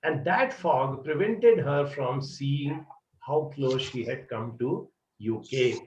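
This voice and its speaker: A man giving students advice, telling an animated story full of "uh" and "you know". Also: medium pitch, takes it slowly, a little hiss or hum. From India. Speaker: psychology mentor. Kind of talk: advisory talk with storytelling. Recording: roomy, distant, dull lo-fi sound.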